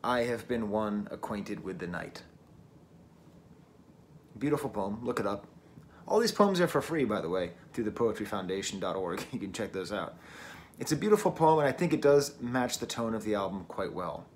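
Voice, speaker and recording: Very animated and fairly quick, a New England man with a fairly low voice delivers a casual, wry album review, often laughing at himself. He records on a camera mic at home in the early morning, and there is a little hiss or hum.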